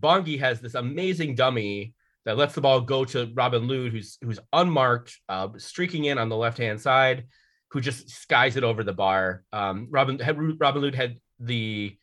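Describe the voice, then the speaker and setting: A man's voice: medium pitch, moderate pace, a bit bright. Rambling man hosting a sports podcast. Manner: rambling, profane, self-correcting. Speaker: podcast host. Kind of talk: casual sports podcast chat.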